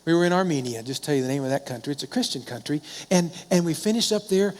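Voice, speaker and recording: A man's voice: fairly high pitch, expressive, fast talker, hardly any pauses, darkish tone. A middle-aged man, a pastor, preaching a sermon in a conversational storytelling way, asking questions and answering them himself. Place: church sanctuary. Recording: long hall reverb.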